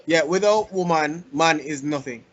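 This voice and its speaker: A man's voice: on the high side, moderate pace, slight background noise. A man co-hosting a casual podcast, rambling and restarting his sentences, laughing easily, over a muffled lo-fi recording.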